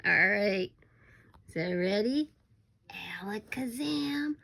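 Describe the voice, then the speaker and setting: A woman teaching a recorded phonics lesson to young children, slow and encouraging, sometimes dropping to a whisper for suspense. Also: on the high side, expressive, sharp tone, slight background noise.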